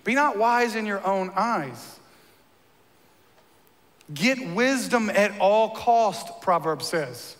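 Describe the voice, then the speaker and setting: A man with a high, forceful, bright voice preaches in a church, and long reverb rings behind him. He moves between easy, joking conversation and emphatic, punchy lines. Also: animated, takes it slowly, pauses often. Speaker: pastor. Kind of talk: sermon.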